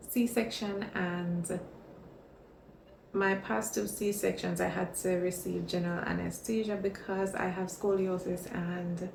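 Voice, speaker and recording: A woman chatting in a casual vlog, telling stories in an expressive, chatty way. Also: mid-range voice, vocal fry, slight background noise. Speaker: vlogger. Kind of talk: casual pregnancy vlog chat. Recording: echoey room.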